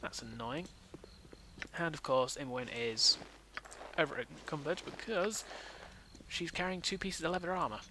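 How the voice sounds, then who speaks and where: A man's voice: a little high, a little slow, bright, forceful tone, a little hiss or hum. A young man casually commenting on his gameplay as a let's play host, thinking aloud.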